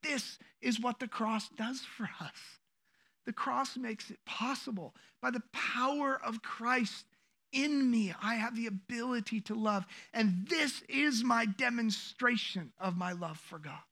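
Man, pastor, sermon, high pitched, bright forceful tone, animated, playful asides. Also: a little slow. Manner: animated, acts out quoted voices, jokes with the congregation.

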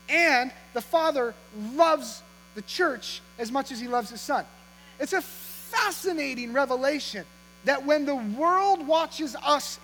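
A man's voice: very high-pitched, fairly bright tone. A man preaching to his congregation, talking in a conversational, humorous way and teasing them with questions. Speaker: pastor. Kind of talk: sermon. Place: church auditorium. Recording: long hall reverb with faint mains hum.

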